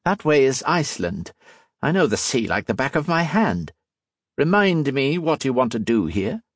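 A man's voice: medium pitch, big pitch swings, normal speed, no room sound, clean studio sound, voice pushed up. A man voicing a proud, vain ship captain in a storybook reading, brusque in manner.

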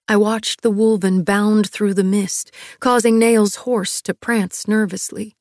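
A woman narrating an audiobook in a measured, expressive storytelling voice. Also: mid-range voice, no echo, clean studio sound.

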